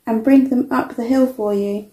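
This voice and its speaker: A woman's voice: fairly high pitch, fairly even intonation, normal speed, dark tone, roomy sound, lightly acted. A woman voicing an eager, kind young rabbit girl in a storybook reading.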